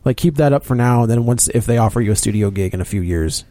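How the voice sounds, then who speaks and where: A man in a casual podcast chat, rambling through a film recap with frequent restarts. His voice sits at a middle pitch and the sound is dry and close. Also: fast talker, dark tone, no echo. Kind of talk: casual movie discussion.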